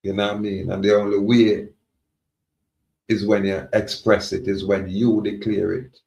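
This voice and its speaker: A man's voice: on the low side, little pitch movement, moderate pace, gravelly, darkish tone. A man with a Jamaican accent giving a defiant, preachy, rambling monologue to his viewers. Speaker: self-styled sovereign speaking to viewers. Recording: roomy, dull lo-fi recording.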